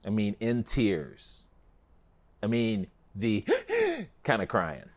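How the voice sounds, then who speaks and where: A middle-aged man from Chicago, a guest telling a personal story in a relaxed conversational way, with animated, dramatic retelling. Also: lowish voice, very slow.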